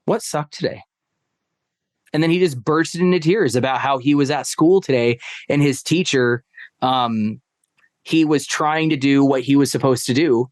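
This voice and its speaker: A man's voice: mid-range voice, moderate pace, no room sound, clean studio sound. A man in casual storytelling, a stepfather talking about his family, rambling with many fillers. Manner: rambling, heavy on fillers like "like" and "right?". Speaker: podcast guest.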